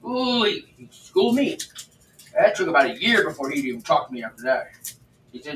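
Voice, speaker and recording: Sing-song and fairly quick, a slightly high, fairly bright voice comes from far off the mic. It's an older man on a livestream, cooking at home and telling stories in a blunt, profane, chatty style, with a roomy sound and faint background noise.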